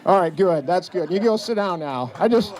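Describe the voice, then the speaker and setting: A man's voice: high-pitched, lively intonation, moderate pace, background noise. A middle-aged man giving a joking speech full of stories at a retirement celebration, acting out the lines of the people in them. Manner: storytelling, acting out quotes, joking. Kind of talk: anecdotal speech to an audience. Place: event hall with audience.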